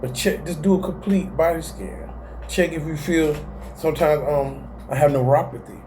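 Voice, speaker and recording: A man's voice: a little high, moderate pace, a little mellow, a little hiss or hum. A man hosting a casual self-help video, talking animatedly in slang and often laughing at himself. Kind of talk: casual motivational talk to camera.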